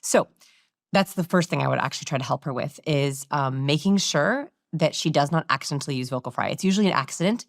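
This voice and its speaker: Woman explaining body language stuff, lowish voice, dry close sound. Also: no echo. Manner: animated, demonstrates voices while explaining. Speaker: body language expert guest. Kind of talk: explanatory interview talk.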